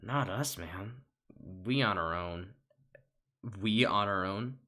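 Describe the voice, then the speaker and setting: A man's voice: fairly low pitch, slow pace, sharp tone. A man voicing a laid-back male mosquito who talks in a blunt, slangy drawl, in a comedic read of a film script. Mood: streetwise.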